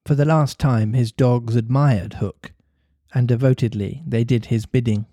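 A man narrating a classic children's story aloud in a measured, expressive reading voice. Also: medium pitch, no room sound, studio quality. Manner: measured, expressive reading with occasional laughing asides. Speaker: reader of a classic novel on a podcast.

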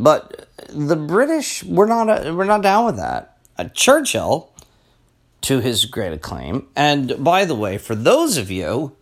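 A mid-pitched man unhurriedly talks through history as a podcast host. His delivery is rambling, with stumbles and restarts and the odd throat-clear. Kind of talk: casual history podcast monologue.

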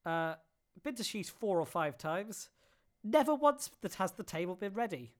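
A woman's voice: mid-range voice, lively intonation, normal speed. A woman co-hosting a comedy podcast, giggly and teasing in casual chat. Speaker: podcast co-host.

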